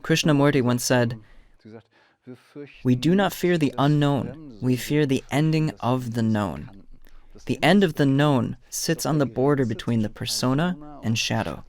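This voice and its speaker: A man's voice: mid-range voice, measured pace, a little mellow. A man with a German accent, a therapist giving a lecture to an audience and acting out little dialogues with patients. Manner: storytelling, acts out dialogues.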